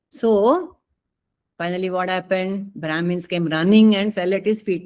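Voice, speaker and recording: A woman giving a talk, telling a story in an animated way with many fillers and asides. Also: fairly low pitch, measured pace, poor audio. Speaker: speaker.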